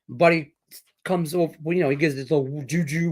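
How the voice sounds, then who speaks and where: Speaking a little fast in a fairly high, slightly mellow voice, a middle-aged Detroit man hosts a sports betting show. He chats casually, giving betting picks and rambling through a profane story full of fillers.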